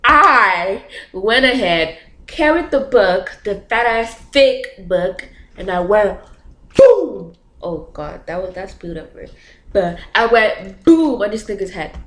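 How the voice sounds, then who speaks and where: A young woman tells a personal story to her camera in a loose, chatty storytime style. She keeps her pitch mid-range and fills her talk with fillers and nervous laughs. Her voice bounces around a small, echoey room. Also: lively intonation, slow, a bit bright. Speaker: vlogger. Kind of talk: casual storytime.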